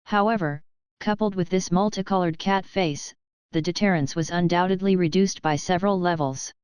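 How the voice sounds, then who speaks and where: Woman, audiobook narrator, steady even reading, dry close-mic sound, crisp. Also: on the low side, normal speed, no echo. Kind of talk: scripted narration.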